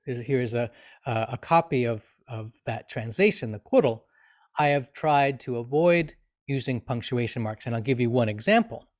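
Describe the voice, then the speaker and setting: Brief: male grammar teacher, live streamed lesson, explanatory, fillers and restarts, mid-pitched voice. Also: moderate pace. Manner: reads example sentences with expressive inflection.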